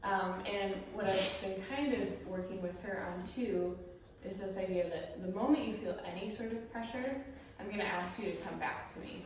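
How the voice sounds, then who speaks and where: A woman dog trainer explaining her methods while she works with a dog, breaking off to praise it in a high voice. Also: moderate pace, very echoey, far from the mic, background noise.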